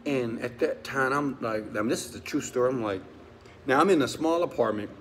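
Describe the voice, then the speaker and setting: A man, a motivational speaker, tells a personal story with strong feeling. He swings from loud urging to hushed confession and keeps asking his listeners questions. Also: medium pitch, fairly quick, a little hiss or hum. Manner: talks straight to listeners with questions.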